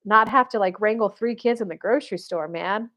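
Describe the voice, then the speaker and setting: A woman's voice: medium pitch, a little fast, fairly bright tone, close to an everyday voice. A woman voicing a tired, hardworking husband who grumbles about chores and then talks proudly about what he did. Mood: reflective.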